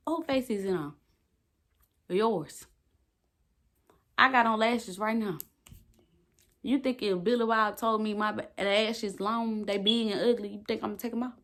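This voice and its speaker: A woman's voice: mid-range voice, steady tone, normal speed, long pauses, fairly bright tone. A young woman vlogging to her phone, talking emphatically and swearing freely. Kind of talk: casual talk to camera.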